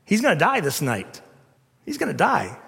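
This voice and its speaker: Man playing a proud young king, indignant, high raised voice, shouting, long hall echo. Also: wildly swooping pitch, normal speed, vocal fry, slightly rough, exaggerated voice. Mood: indignant pleading. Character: proud young king protesting unfair doom.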